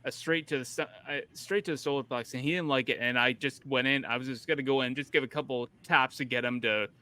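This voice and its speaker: Smooth, forceful man telling a rambling story. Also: medium pitch, fairly even intonation, quick pace. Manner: rambling storyteller with many restarts. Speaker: podcast host. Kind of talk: casual podcast chat.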